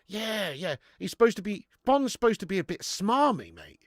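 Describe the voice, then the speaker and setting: A man's voice: sits high, big pitch swings, normal speed, few pauses, dry recording, studio quality. A young man hosting a football watch-along stream, chatting casually with viewers and swearing freely. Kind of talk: casual live-stream chat and match commentary.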